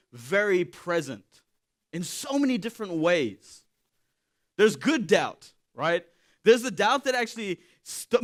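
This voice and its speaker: A man's voice: sits high, a bit bright. A young man preaching a sermon, telling a story in a loose, conversational way with fillers and repeats.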